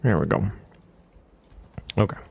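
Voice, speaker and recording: A man casually talking to himself while streaming a building game, muttering over his plans and grumbling about things going wrong. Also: a little slow. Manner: muttering to himself while planning, annoyed at bugs. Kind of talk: casual gameplay commentary.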